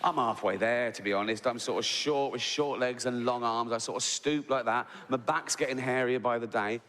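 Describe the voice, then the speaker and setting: A man's voice: medium pitch, moderate pace, fairly bright tone. A man doing a rambling, playful stand-up routine in a large theatre. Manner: rambling, playful storytelling with crude voices. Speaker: stand-up comedian. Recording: live hall with long reverb and background noise.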